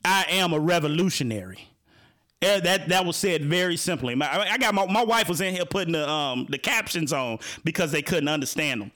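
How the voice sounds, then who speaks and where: Animated, high-voiced male host. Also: brisk. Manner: animated, joking, full of restarts and asides to the audience. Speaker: show host. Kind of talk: casual live-stream talk.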